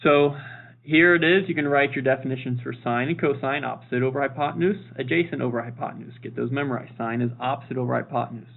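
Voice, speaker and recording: Guy teacher walking through a math lesson, upbeat and jokey, gravelly voice, sounds tinny like over a phone. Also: medium pitch, fast. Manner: upbeat and jokey, repeats key points. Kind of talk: recorded classroom lesson.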